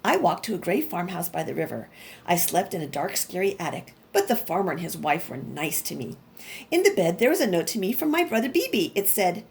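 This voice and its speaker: A woman reading a picture book aloud to children, expressive and lively, talking straight to the kids as a teacher. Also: on the low side, brisk, gravelly.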